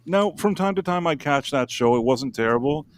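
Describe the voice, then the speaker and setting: A man's voice: fairly high pitch, animated, normal speed, no room sound. A man co-hosting a live pop culture show, rambling casually with lots of fillers and restarts. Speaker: co-host. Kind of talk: casual live-stream chat.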